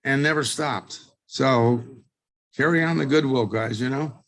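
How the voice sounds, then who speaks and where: A man at a memorial, emotional and halting as he speaks over a video call. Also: mid-range voice, fairly bright tone. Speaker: memorial guest.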